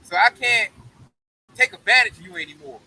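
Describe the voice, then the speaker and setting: A man's voice: high-pitched, animated, normal speed, bright, forceful tone, slight background noise, low-quality recording. A man giving an emphatic, slangy Bible study, often tagging his points with "man". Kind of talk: casual preaching discussion.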